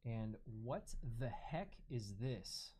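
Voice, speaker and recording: A man's voice: mid-range voice, sing-song, slow pace, warm tone, slightly rough. A man on a live card break stream, exclaiming in amazement at the cards. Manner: amazed exclamations, counting out details.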